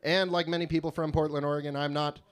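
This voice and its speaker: A young man from California doing a live stand-up set in a small venue, deadpan and prone to rambling digressions. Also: fairly high pitch, quick pace. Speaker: stand-up comedian.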